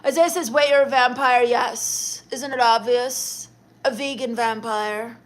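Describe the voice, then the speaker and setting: A young woman hosting a livestream, reading viewer comments aloud in a deadpan, dismissive, sarcastic comedic manner. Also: a little high, a little slow. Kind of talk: in-character comedic livestream chat.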